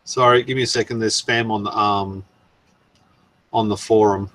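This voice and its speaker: A man's voice: fairly low pitch, fairly even intonation, normal speed, pauses often, bright, forceful tone. A man hosting a casual live stream, rambling and chuckling as he goes through viewer comments. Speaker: channel host.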